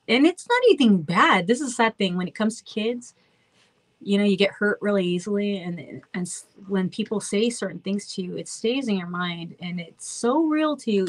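A woman in her thirties with a slightly childlike, mid-range voice chats freely with fans at a virtual meet and greet. Warm-hearted and chatty, she rambles, interrupts herself, and apologizes for talking so much. It's a low-quality phone recording with no room sound.

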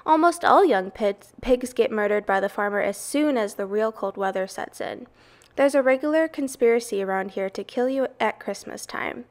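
Old female sheep, blunt and snappish, gossipy, fairly high voice, as a woman puts her on, storybook read-aloud. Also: lively intonation, moderate pace, close to an everyday voice.

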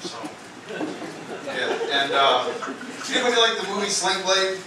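A man performing a stand-up comedy set in a club, telling stories in a rambling, halting way with many fillers. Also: high voice, animated. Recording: echoey club, distant mic, noisy.

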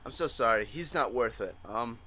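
In this let's play, a male gaming YouTuber reads chat aloud from a chat-based game, putting on mock voices, swearing and laughing with animated energy. His mid-range voice moves at a normal speed over a faint hiss or hum.

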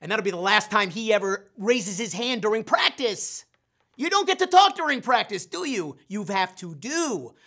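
Bright-voiced, animated male sales trainer. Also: sits high, normal speed. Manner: animated, acts out his own inner voice, self-deprecating humor. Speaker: sales trainer and show host. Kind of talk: motivational training talk.

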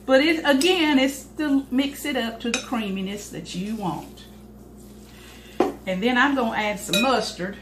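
A woman's voice: on the high side, unhurried, background noise. An older woman, hosting a home cooking video, chatting folksily with her cameraman as she cooks. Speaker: home cooking channel host. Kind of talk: casual home cooking demonstration. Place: home kitchen. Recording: echoey kitchen with clattering dishes.

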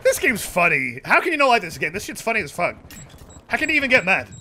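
A man's voice: high-pitched, wildly swooping pitch, quick pace, pushed and bright, slight background noise. A young man streaming a shooter game, chatting casually with profane, joking banter and offhand rants. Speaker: gaming streamer. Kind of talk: casual live gameplay commentary.

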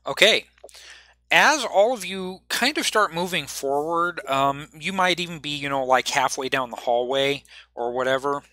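A man with a bright, fairly high voice runs a tabletop game as game master. He talks haltingly, full of fillers and restarts. The sound is dry and close. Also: lively intonation, no echo.

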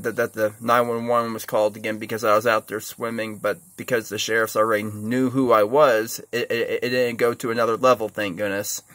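A man's voice: mid-range voice, fairly bright tone, dry recording. Irritated man ranting in a dry vlog. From USA. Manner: irritated, complaining, repetitive. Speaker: vlogger. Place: beach.

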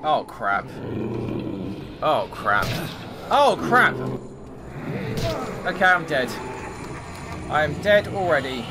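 A man's voice: a little high, sing-song, slow, pauses often, very noisy. A man giving live commentary over his own gameplay, thinking aloud and swearing at the game in exasperation. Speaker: gaming commentator. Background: game music.

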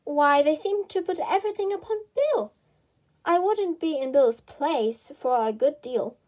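A woman's voice: sits high, expressive, measured pace, darkish tone, voice pushed up. A woman reading the lines of Alice, a curious, fretful little girl who talks to herself. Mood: musing.

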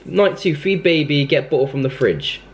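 A man's voice: a little high, normal speed. A young man commenting on a horror game as he plays, scolding and panicking in turn. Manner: jumpy, panicky outbursts, scolding the game baby. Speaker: gaming YouTuber.

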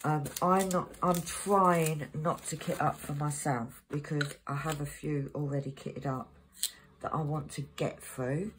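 Her voice sits low with a steady tone and a slightly slow pace as she hosts casual crafting chat, rambling and reading out codes while working. The background is noisy, with packets crinkling loudly.

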